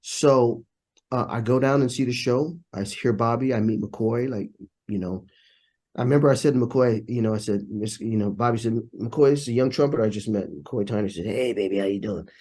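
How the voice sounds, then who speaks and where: Male interview guest, animated storyteller, mid-pitched, voices the people in his anecdotes. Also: fairly quick.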